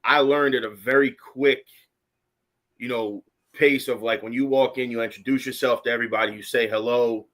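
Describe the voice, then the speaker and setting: Earnest young man, mid pitch. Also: steady tone, moderate pace, fairly bright tone. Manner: earnest, reflective, many fillers like "you know" and "like". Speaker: podcast co-host. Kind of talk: casual chat.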